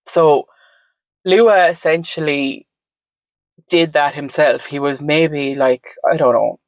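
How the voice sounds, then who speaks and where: A woman's voice: low-pitched, slow pace, no echo, low-quality recording. A woman telling her story as a podcast guest in a reflective, meandering way, full of "like" and "um". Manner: reflective, meandering, frequent "like" and "um" fillers. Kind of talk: conversational storytelling.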